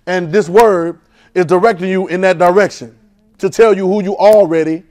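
A man preaching a sermon in call-and-response, swinging from loud urging to soft, hushed lines. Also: sits high, steady tone, normal speed. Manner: swings from loud exhortation to soft near-whispers.

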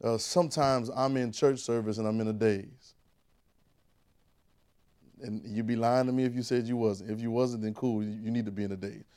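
A man preaching a conversational sermon, repeating phrases and rising to shouted calls. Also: lowish voice, steady tone, normal speed, clean tone.

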